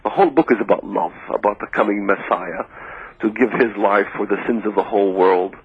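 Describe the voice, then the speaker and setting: A man's voice: fairly low pitch, fairly quick, slightly rough. A middle-aged man from Palestine, speaking English, telling his story as an interview guest and acting out the dialogue he quotes. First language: Arabic. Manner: earnest storyteller who acts out quoted dialogue. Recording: tinny phone line on radio.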